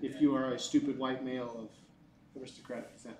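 A male teacher lecturing a class in a lively, joking way, often asking the students questions. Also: medium pitch, quick pace. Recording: echoey classroom.

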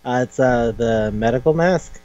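A man co-hosting a casual podcast, retelling a manga with crude humor and quick quoted voices. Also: medium pitch, warm tone, clean tone. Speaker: podcast co-host. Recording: dull lo-fi recording with hum.

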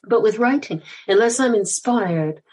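An older woman speaking as a podcast guest, talking in a chatty, self-deprecating and animated way. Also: on the high side, measured pace, breathy edge, low-quality recording. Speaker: guest author and former cellist. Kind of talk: podcast interview.

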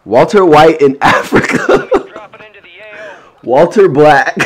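A man's voice: on the high side, lively intonation, normal speed. A young man streaming a video game, chatting casually with his viewers in a playful, teasing way, full of slang and repeated phrases. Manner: slangy trash talk to chat. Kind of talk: casual live-stream chat.

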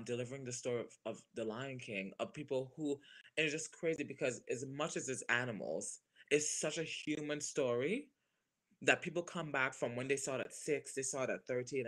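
Animated man in his thirties. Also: mid-range voice. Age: 30s. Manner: animated, gushing, quick to laugh. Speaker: stage performer guest. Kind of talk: casual interview chat.

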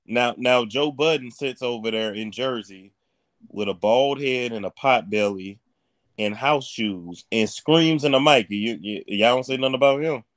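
A man's voice: medium pitch, measured pace, a bit bright, no echo. A man calling in as guest on a talk show, flamboyant, defiant and profane. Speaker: caller, guest. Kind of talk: casual chat by phone.

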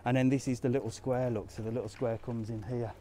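A man's voice: medium pitch, steady tone, quick pace, warm tone, a little hiss or hum. A man live-streaming a walking tour of a resort town, chatting casually and answering comments as he goes. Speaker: travel vlogger on a live walk. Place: outdoors in a resort town streets and squares.

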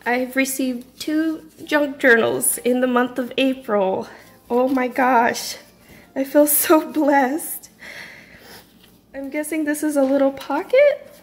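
A woman's voice: sits high, slow pace. A woman, gushing as she unboxes crafts in a casual home vlog. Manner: effusive, gushing. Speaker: craft vlogger.

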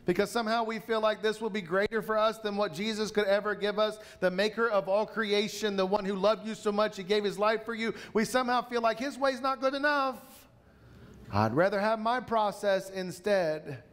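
A man, a pastor, preaching a sermon to a church congregation in an emphatic way, slowing down to repeat key lines. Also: high-pitched, fairly bright tone.

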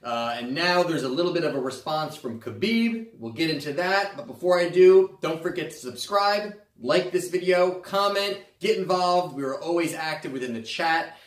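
A man's voice: a little high, animated, normal speed, few pauses, reverberant, recorded from a distance. A man hosting a sports podcast, talking loosely and casually with many fillers and restarts. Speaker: host. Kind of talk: sports betting podcast commentary.

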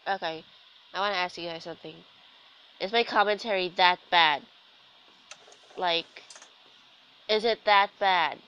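A woman's voice: on the low side, unhurried, long pauses, pushed and bright, muffled recording, a little hiss or hum. A young woman with a sore throat from being sick, chatting casually and sarcastically as she commentates a video game. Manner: chatty, self-deprecating, sarcastic asides. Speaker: gaming commentator. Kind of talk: casual let's-play commentary.

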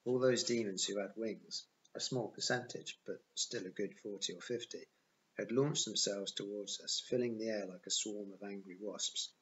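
Casting: a man reading a novel aloud, plain first-person narration, lower voice, dull lo-fi sound. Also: steady tone, moderate pace, fairly bright tone. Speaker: audiobook reader.

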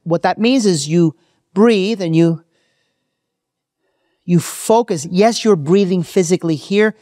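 A man's voice: high-pitched, slow, dark tone, no room sound, studio quality. A man hosting a podcast, talking emphatically with lots of restarts and checks for agreement. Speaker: podcast host. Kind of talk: conversational podcast interview.

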